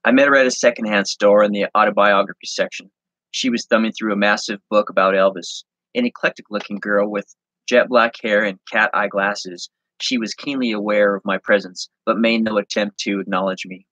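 Low-voiced man reading haltingly. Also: bright, forceful tone, dry recording. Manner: halting, self-correcting reading. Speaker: online reseller and host. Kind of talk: reading his handwritten story aloud.

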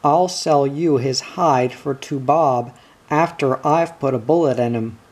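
A man's voice: mid-range voice, a little slow, darkish tone, lightly acted. A man reading the lines of a blustering, growling cattle boss in a storybook reading. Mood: gruff. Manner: growling, snappish, bossy.

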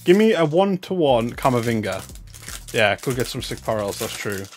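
Young man, live stream chatter, excitable, loud hype then quiet muttering, medium pitch, soft music behind. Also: moderate pace. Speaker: livestreamer opening trading cards. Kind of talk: casual live-stream commentary.

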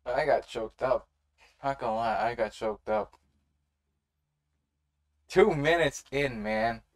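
A reaction video host giving casual, expressive and profane commentary straight to the viewers. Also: medium pitch, takes it slowly, creaky.

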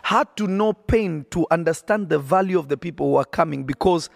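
A man's voice: fairly high pitch, fairly quick, gravelly, no room sound, studio quality. A man preaching on a podcast, emphatic and repetitive, often checking that listeners follow. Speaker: prophet and podcast host.

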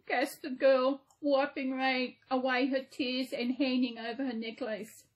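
A woman host reading a fairy tale aloud in a gentle, unhurried way, with small slips now and then. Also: high-pitched, fairly even intonation. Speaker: channel host reading a story.

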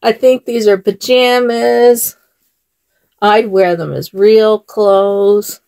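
A woman's voice: mid-range voice, fairly even intonation, takes it slowly, creaky, dark tone. A woman vlogger chatting casually while she dresses dolls, talking in a chatty way and laughing often. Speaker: doll channel vlogger.

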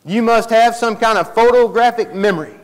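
A man telling his story in a folksy, animated sermon, acting out the dialogue. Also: very high voice, a little fast. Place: church hall. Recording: live church stream with long hall reverb.

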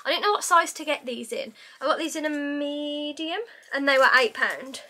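A woman's voice: high voice, moderate pace, pushed and bright. A young woman vlogging to camera in a casual, rambling way, full of fillers. She is indoors in her messy bedroom. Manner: rambling, chatty, filler-heavy.

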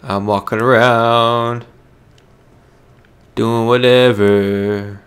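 A man's voice: mid-range voice, flat delivery, drawn-out words, fairly bright tone, clean tone. Joking man muttering through a game. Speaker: let's play host. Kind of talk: casual gameplay commentary.

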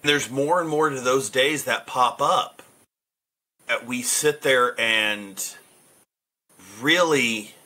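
A man, a teacher, chatting casually on a podcast in a lively, emphatic way full of asides. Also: mid-range voice, slow, long pauses.

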